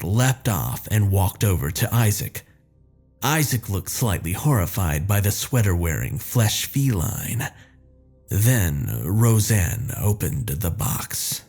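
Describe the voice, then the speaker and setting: A man narrates a first-person horror story in a slow, deliberate tone. His voice is low and husky, with a lively rise and fall, and soft music plays faintly behind him. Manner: measured, descriptive storytelling.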